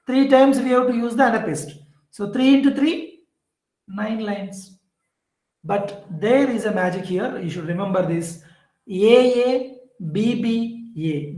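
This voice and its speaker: A man's voice: high voice, a little mellow, reverberant, rough recording. A man teaching an online exam-prep lesson on literature. He explains step by step, repeats key terms and corrects himself as he goes.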